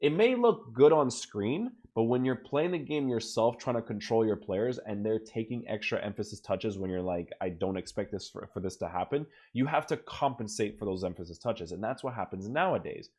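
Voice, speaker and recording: A man's voice: mid-range voice, lively intonation, normal speed, hardly any pauses, a little mellow. A young man doing casual commentary over his own gameplay, emphatic, keeps checking in with "right?". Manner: casual, swears now and then. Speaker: gaming YouTuber.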